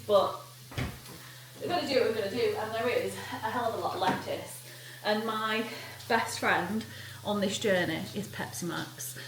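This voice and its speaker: A woman's voice: medium pitch, a little hiss or hum. A young woman chatting casually and upbeat, self-deprecating, in a day-in-the-life vlog, first while cooking at home, then out on a walk. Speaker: vlogger. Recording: roomy sound with loud kitchen sizzle and outdoor ambience.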